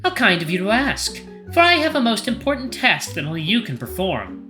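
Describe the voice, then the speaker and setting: A man's voice: sits high, huge pitch swings, a little fast, sharp tone, soft background music, pitched above the performer's own voice, full character voice. A man voicing a stern, regal lioness queen who speaks in a cool, formal, commanding way.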